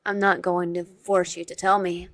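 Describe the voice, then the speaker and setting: A woman voicing a kind player character in a visual novel, speaking gently and reassuringly. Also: on the low side, flat delivery, normal speed, dry recording. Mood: gentle.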